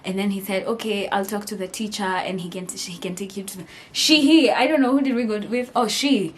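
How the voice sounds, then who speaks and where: A young woman with a Kenyan accent telling a storytime vlog, animated and laughing as she mixes English with Swahili slang. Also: mid-range voice, a little fast. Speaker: vlogger.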